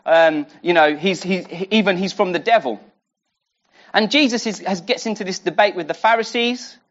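A preacher talks through a Bible passage in a loose, conversational way. The voice sits at a middling pitch and often restarts sentences and poses rhetorical questions to the listeners. The recording sounds muffled and lo-fi. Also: moderate pace. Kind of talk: sermon teaching a Bible passage.

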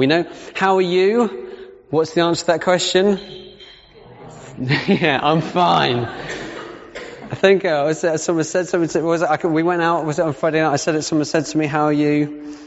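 A man's voice: fairly high pitch, fairly even intonation, fast talker. A man giving a conversational sermon, reading Bible passages aloud and breaking off to rephrase. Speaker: preacher. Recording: muffled sound with long reverb in a hall.

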